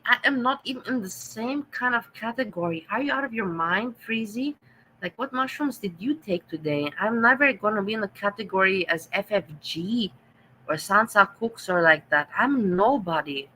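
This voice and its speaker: A woman's voice: medium pitch, bright, forceful tone, slight background noise, low-quality recording. A woman with a German accent hosting a casual livestream, reading the chat and answering viewers with sarcastic teasing.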